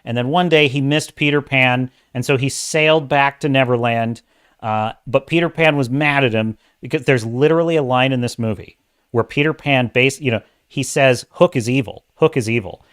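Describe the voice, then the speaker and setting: Male livestream host, casual movie rant, sarcastic and animated. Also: mid-range voice, moderate pace, smooth. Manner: sarcastic, animated, swears, interrupts himself. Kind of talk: casual ranting movie review.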